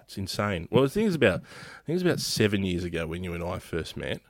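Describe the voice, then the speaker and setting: A man's voice: deep voice, very animated, quick pace, dry recording. An Australian man hosting a casual podcast chat, rambling with frequent restarts and laughing easily. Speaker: podcast host.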